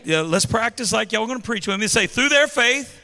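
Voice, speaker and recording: A man's voice: sits high, lively intonation, a little fast, sharp tone, in a large hall, a little hiss or hum. A man preaching a sermon, leading call-and-response with the congregation. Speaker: pastor. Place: large church hall.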